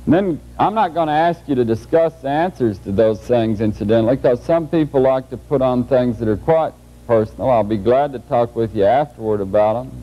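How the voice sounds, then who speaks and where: Middle-aged lecturer, folksy and joking, mid pitch, muffled old tape. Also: male voice, fairly quick. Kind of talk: humorous lecture to a large audience. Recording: muffled old 1981 videotape.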